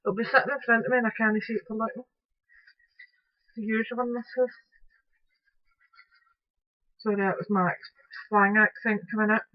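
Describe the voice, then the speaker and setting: A woman's voice: a little high, fairly even intonation, brisk, no room sound. A Scottish woman talking through a craft tutorial at home in a chatty way, with apologetic asides as she works. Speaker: crafting vlogger. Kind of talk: casual craft tutorial narration. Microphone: camera close-up. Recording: dull, dry home recording.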